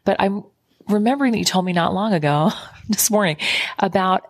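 A woman's voice: medium pitch, fairly quick, husky, no room sound. A middle-aged woman hosting a podcast, chatting casually with enthusiasm and curiosity. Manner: enthusiastic, curious, frequent laughs. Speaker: podcast host.

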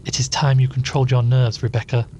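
A man's voice: mid-range voice, level tone, fast talker, warm tone, a little hiss or hum, natural voice. A man voicing a stern, suspicious woman, an elder sister, in a read-aloud story, with a stiff, admonishing manner.

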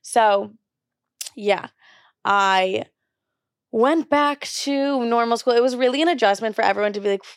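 A woman's voice: a little high, unhurried, pauses often, no room sound, studio quality. A young woman hosting a podcast, telling her own story in a candid, chatty way, swearing freely and acting out what people said to her. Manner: chatty, profane, animated quoting of others. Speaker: podcast host.

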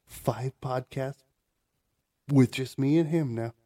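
A man's voice: mid-range voice, takes it slowly, dark tone, slight background noise. Teasing male podcast host. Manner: teasing, acts out others' lines in mimicking voices. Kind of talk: casual podcast banter.

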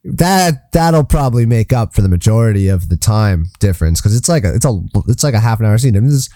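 A man chatting on a podcast, rambling and hunting for the right word, with casual swearing. His voice is mellow and dark. The sound is dry and close, with no room echo. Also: fairly low pitch, lively intonation, quick pace. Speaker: podcast co-host. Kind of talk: casual chat.

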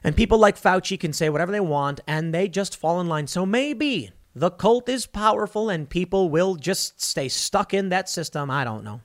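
A man's voice: sits high, animated, moderate pace, few pauses. A man delivering an online political commentary monologue in a blunt, sarcastic, scornful way.

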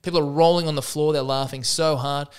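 Wry, self-mocking comedy podcast host. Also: male voice, on the high side, steady tone, fairly quick, clean tone. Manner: wry, self-mocking, tells jokes with acted-out voices. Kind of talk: solo comedy podcast monologue.

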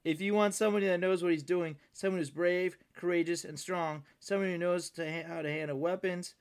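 A man's voice: sits high, fairly even intonation, brisk, clear, resonant tone, voice pushed up. A man voicing Frosty, a cocky and sarcastic snowman hitman, in a homemade storybook reading. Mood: boastful. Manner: boastful, sarcastic.

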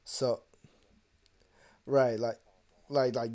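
A young man co-hosting a podcast, telling a personal story in a casual, profane and animated way and acting out the other voices. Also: mid-range voice, takes it slowly. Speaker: podcast co-host.

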